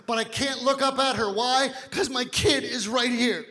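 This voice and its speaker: A man in his fifties performing a stand-up comedy set, telling stories loudly and physically and shouting his punchlines. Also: extremely high pitch, brisk, few pauses. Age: 50s. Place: comedy club stage. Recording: live hall reverb with faint noise. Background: audience laughter.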